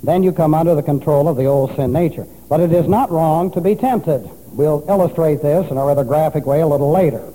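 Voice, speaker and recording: Emphatic preacher in a reverberant hall. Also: male voice, fairly high pitch, brisk, few pauses, warm tone, a little hiss or hum. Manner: spells out Greek words letter by letter, emphatic teaching. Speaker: pastor. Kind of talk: expository sermon teaching Greek grammar. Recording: long reverb of a large hall.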